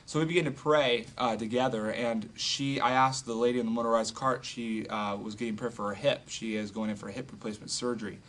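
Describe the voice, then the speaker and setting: Man telling an animated testimony. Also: medium pitch, a little fast, few pauses. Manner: animated, filler-heavy retelling with acted quotes. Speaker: street evangelist telling a testimony. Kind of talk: casual storytelling.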